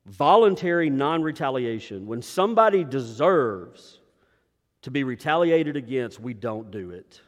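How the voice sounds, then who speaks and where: A man preaching a sermon as pastor, swinging between emphatic rises and hushed, quiet drops. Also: mid-range voice, big pitch swings, a little slow. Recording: long reverb of a large hall.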